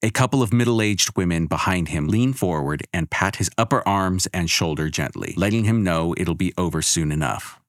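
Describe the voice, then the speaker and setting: A man narrating a story in a wry, measured, expressive manner. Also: low voice, no room sound, clean studio sound.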